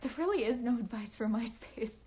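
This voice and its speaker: A woman's voice: fairly high pitch, animated, brisk, dark tone. Giggly young woman chatting on a live stream. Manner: chatty, giggly, valley-girl lilt with many fillers. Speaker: livestreaming author. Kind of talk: casual live stream chat.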